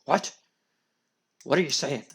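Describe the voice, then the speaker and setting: A man voicing an earnest, formal male private detective who questions and pitches himself as a bodyguard. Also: takes it slowly, a bit bright, husky, heavily acted. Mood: persuasive. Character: earnest male private-eye wrestler, self-important.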